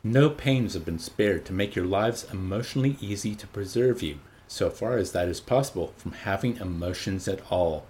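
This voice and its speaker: A man reading an audiobook voices an authoritative, urbane older male controller in a measured, lecturing tone. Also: sits low, animated, a little mellow, a little hiss or hum.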